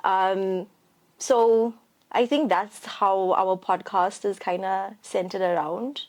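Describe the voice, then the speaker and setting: A young woman co-hosts a podcast in easy, casual chat. She talks reflectively about her own life and is quick with a light joke. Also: medium pitch, fairly even intonation, a little mellow. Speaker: podcast co-host.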